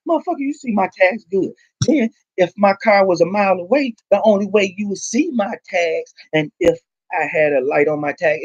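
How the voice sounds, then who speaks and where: A man's voice: on the high side, no echo, highs cut off. A man ranting angrily to the camera, swearing heavily and repeating himself. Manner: heated, profane, repeats himself. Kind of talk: angry rant to camera.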